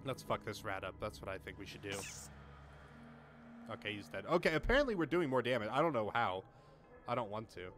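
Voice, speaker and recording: Young male gamer, lively pitch swings, cursing freely, faint music under the voice; casual play-by-play commentary. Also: brisk, pauses often. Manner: excitable, swings from muttering to yelling, swears a lot.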